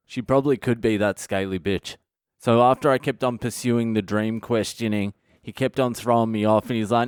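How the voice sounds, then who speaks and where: A man hosting a comedy podcast, telling a story as a blunt, profane and animated monologue. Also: medium pitch, moderate pace, clear, resonant tone, dry recording, studio quality.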